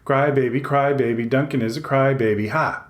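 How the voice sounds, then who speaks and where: A man voicing an excitable, childlike male patient who talks eagerly and teases. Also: medium pitch, quick pace, echoey room, pitched above the performer's own voice, close to an everyday voice. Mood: teasing. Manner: bouncy, eager, teasing.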